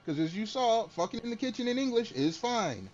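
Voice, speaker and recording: Very animated and fairly quick, a man with a high-sitting voice banters with his viewers while gaming. Jokes, laughter, and frequent swearing fill the dull lo-fi stream, which has faint music in the background.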